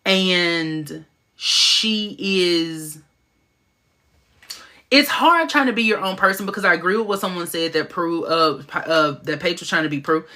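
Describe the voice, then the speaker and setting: Her live-stream reactions to a TV show are fast and excited; this woman keeps it casual but suddenly jumps into high-pitched asides.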